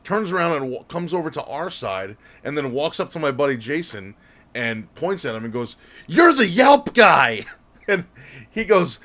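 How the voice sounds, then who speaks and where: A man's voice: medium pitch, animated, normal speed, a bit bright. A man co-hosting a podcast, telling a casual story in a rambling way. He often corrects himself and laughs as he goes. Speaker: podcast co-host.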